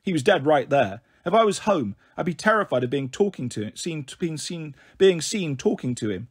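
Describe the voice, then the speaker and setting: A man reading a novel aloud in an expressive storybook style, giving voice to the characters' dialogue. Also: fairly high pitch, normal speed, slightly rough. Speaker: audiobook reader.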